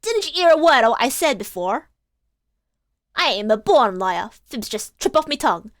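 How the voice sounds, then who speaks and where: A woman's voice: a little high, very animated, moderate pace, dry recording, clean studio sound. A woman voicing a tough, streetwise young female urchin who speaks bluntly and defiantly. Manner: brusque, defiant.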